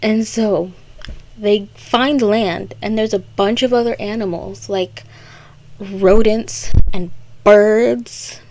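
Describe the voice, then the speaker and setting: Slow-talking sarcastic young woman. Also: mid-range voice, fairly even intonation, darkish tone. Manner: sarcastic, rambling asides. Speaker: video creator. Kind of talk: comedic story recap.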